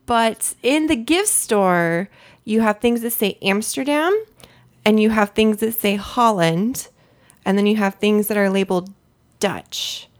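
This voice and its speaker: A woman's voice: mid-range voice, measured pace. A woman co-hosting a podcast, telling travel and family stories in a chatty, rambling way and laughing often. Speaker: podcast co-host. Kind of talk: casual chat.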